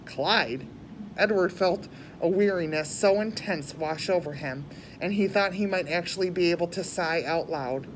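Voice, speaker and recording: A woman's voice: fairly low pitch, normal speed, background noise. Woman reading a storybook aloud. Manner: plain reading with small slips and restarts. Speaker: reader.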